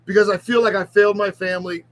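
Middle-aged ministry leader, confessional vlog, halting and near tears, speaks high. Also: male voice, fairly even intonation, fairly bright tone, poor audio. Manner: halting, repeats himself, restarts sentences. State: on the verge of tears.

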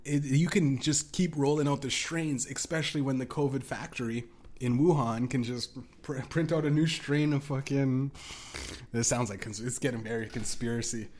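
A man's voice: mid-range voice, steady tone, normal speed, darkish tone, slight background noise. Profane rambling young male podcaster. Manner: profane, rambling, laughing asides. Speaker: solo podcast host. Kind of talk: casual podcast rant.

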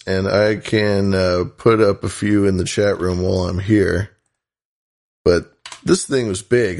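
Male podcast host from the US West Coast, low and gravelly, rambling and playful. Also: darkish tone. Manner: rambling, playful, many restarts. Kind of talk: casual chat.

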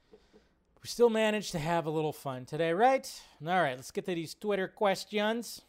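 A man's voice: a little high, expressive, moderate pace, clear, resonant tone. A man hosting a casual live-stream chat, rambling and often cutting himself off as he reads out viewer questions. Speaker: host.

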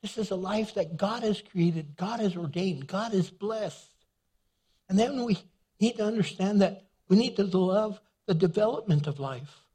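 A man delivers a lively sermon, slipping into little acted scenes and joking as he goes. His voice sits a touch high and carries a husky edge. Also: measured pace. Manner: animated storytelling, acts out little scenes and voices; jokes and laughs as he preaches. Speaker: pastor. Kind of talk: humorous sermon.

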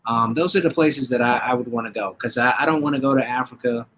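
Co-hosting a podcast, a man talks fast in a medium-pitched, fairly bright voice during casual chat. His speech rambles, packed with fillers and restarts. There's slight background noise.

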